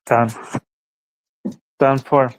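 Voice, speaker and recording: His medium-pitched voice barely moves in pitch, and he draws out his words; the recording is dry. As host of a casual livestream, he rambles and muses aloud, turning to his dog between thoughts.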